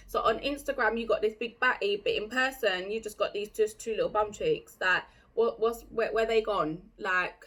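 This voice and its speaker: A woman's voice: mid-range voice, moderate pace, a bit bright. A young woman vlogging in a blunt, chatty, opinionated way, full of "like". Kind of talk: casual chat to camera.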